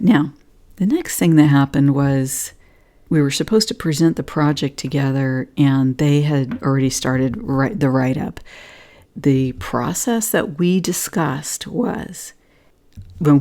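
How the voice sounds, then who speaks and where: A woman's voice: low voice, unhurried, mellow. A woman vlogger giving an earnest spiritual talk and telling a personal story, at times half-whispered.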